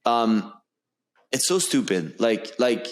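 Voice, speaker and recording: A man's voice: mid-range voice, animated, slow. A man hosting a casual podcast chat, telling stories animatedly and swearing freely. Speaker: podcast host.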